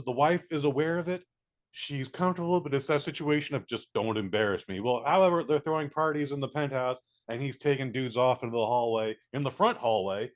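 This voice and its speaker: A man giving a casual spoken movie review, blunt and profane, acting out scenes in quick little voices. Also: medium pitch. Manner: blunt, profane, animated, mimics characters.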